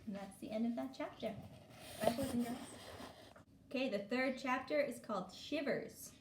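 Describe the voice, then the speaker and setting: A woman gently reading a children's picture book aloud, in a clear storytelling manner. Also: a little high, moderate pace, long pauses. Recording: echoey room with faint hiss.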